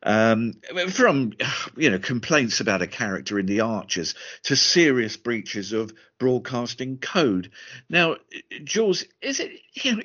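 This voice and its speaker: A man's voice: a little high, a bit bright, dull audio. A man co-hosting a casual podcast, introducing topics with frequent ums and uhs. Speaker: podcast co-host.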